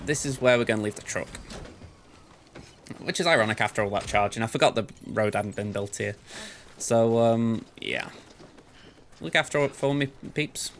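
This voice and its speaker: A man's voice: medium pitch, vocal fry, a little hiss or hum. A man hosting a let's play, giving chatty gameplay commentary and thinking aloud in a playful way. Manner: playful, self-described goofball.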